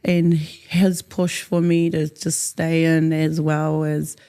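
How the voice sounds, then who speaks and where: Interview guest: woman, soft dark timbre, loose and rambling, drops in Māori words. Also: low-pitched, level tone, slow pace, clear, resonant tone. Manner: rambling, many fillers, mixes in Māori words. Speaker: interview guest, haka performer. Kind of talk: casual interview chat.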